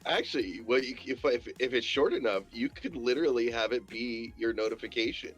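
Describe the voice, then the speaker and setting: A man's voice: mid-range voice, a little fast, fairly bright tone, husky, faint music behind. A young man in casual stream chat, dry and self-deprecating. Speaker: co-host, builder.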